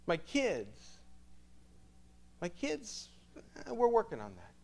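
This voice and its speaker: A man quoting a content 65-year-old former executive, speaking in a quiet, earnest and reflective manner within a sermon story. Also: high-pitched, wildly swooping pitch, slow pace, vocal fry, voice pushed up, exaggerated voice.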